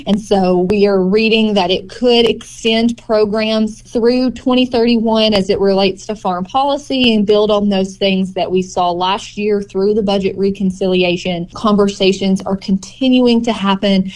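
A woman, a farm group's policy director, giving measured, informative answers in a radio interview. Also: medium pitch, steady tone, a little mellow.

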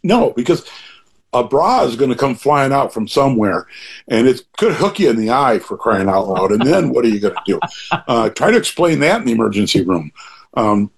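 An older man with a husky, slightly breathy voice at a mid pitch. He talks in a loose, conversational interview style, drifting into asides and restarting sentences. He lands his points with blunt emphasis. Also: big pitch swings, normal speed. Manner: rambling, with frequent asides and restarts; emphatic and opinionated. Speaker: interview guest.

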